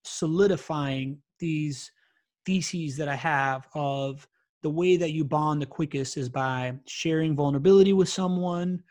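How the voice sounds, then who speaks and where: A man guesting on a podcast, telling stories in an animated, casual way full of fillers and "right?" tags. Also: a little high, unhurried, dry recording, studio quality. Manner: animated, filler-heavy, keeps asking "right?". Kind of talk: casual interview storytelling.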